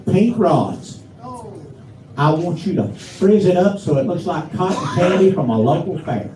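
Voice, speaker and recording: A man's voice: high-pitched, big pitch swings, background noise, pitched above the performer's own voice. A comedian acting out a demanding middle-aged woman customer who gives bossy orders to her hairdresser. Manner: bossy, giving rapid orders. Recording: roomy live room from a distance.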